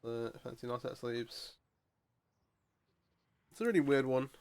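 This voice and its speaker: A streamer narrates his card game match while playing, mumbling unfinished thoughts, repeating words and restarting sentences as he thinks aloud. His pitch is an ordinary middle level for a man, his pace is unhurried, and there's slight background noise in this casual gameplay commentary.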